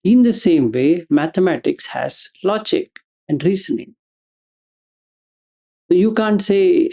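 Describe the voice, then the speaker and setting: A man's voice: high-pitched, lively intonation, slow pace, creaky, long pauses, warm tone. A man teaching the Dhamma. He argues through blunt rhetorical questions and keeps repeating Pali terms. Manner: blunt, dismissive of emotion. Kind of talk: Dhamma talk.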